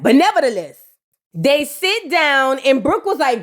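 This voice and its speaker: A woman with a bright, high voice runs through a reality TV episode in a loose, comedic recap. She is sassy and chatty, slipping into the voices of the people she quotes as she tells it. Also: sing-song, normal speed. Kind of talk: casual comedic recap commentary.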